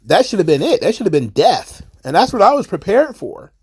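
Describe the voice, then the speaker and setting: A man giving a casual, chatty recap of a wrestling episode, paraphrasing what the characters said in quick offhand voices. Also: sits high, sing-song, a little mellow, slightly rough. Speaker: wrestling show reviewer.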